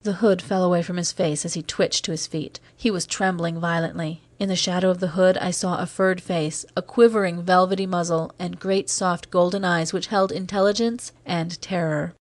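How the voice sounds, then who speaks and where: A woman narrating a science fiction audiobook in a steady, measured reading. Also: on the low side, dry recording.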